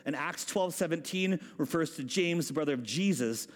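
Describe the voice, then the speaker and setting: A male pastor delivering a lively, joking sermon with a high voice. His talk is loose and conversational, and it carries a long reverb from a large hall. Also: normal speed. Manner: animated, humorous, conversational.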